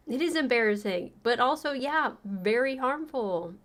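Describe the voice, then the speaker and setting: A woman's voice: high voice, animated, slow, long pauses, fairly bright tone. A woman livestream host chatting casually and sarcastically, laughing often as she retells a story.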